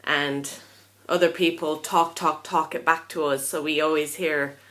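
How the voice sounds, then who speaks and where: A woman's voice: low-pitched, steady tone, a little slow, bright, forceful tone. Tired, chatty young woman vlogging. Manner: chatty, rambling, frank, with frequent ums. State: tired and a little out of breath. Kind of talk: casual chat to camera.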